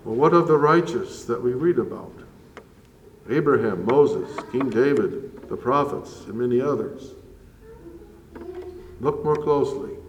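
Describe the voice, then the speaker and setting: A man preaching a sermon as a priest, measured and earnest with slow emphatic pauses. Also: mid-range voice, expressive, muffled recording, slight background noise. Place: church. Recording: roomy church echo from far off.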